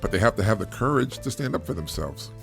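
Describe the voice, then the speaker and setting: A man's voice: on the low side, expressive, fast, vocal fry, soft background music. A middle-aged man hosting a solo parenting podcast. He talks in an earnest, repetitive way, laughs often and restarts his sentences. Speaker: podcast host, single father.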